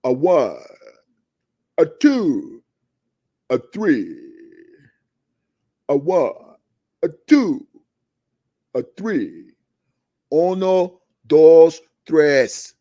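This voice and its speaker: A man's voice: fairly high pitch, sing-song, extremely slow, long pauses, exaggerated voice. A man doing a gleeful counting vampire puppet. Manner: loud sing-song counting, dramatic.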